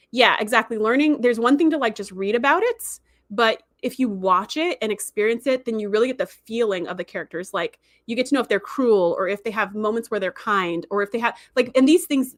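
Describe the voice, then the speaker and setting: A young woman hosting a casual live chat, talking in a lively, animated way and acting out quotes as she goes. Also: medium pitch, no echo, studio quality. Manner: chatty, animated, acts out quotes. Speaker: podcast host answering live chat.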